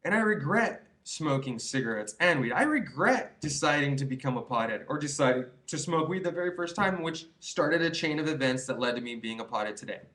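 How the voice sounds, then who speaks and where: A man's voice: a little high, lively intonation, fairly quick, few pauses, a bit bright. A young man in his twenties giving rambling, earnest advice to his viewers in a casual vlog, full of restarts and "you know"s. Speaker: vlogger. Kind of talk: casual advice monologue to camera.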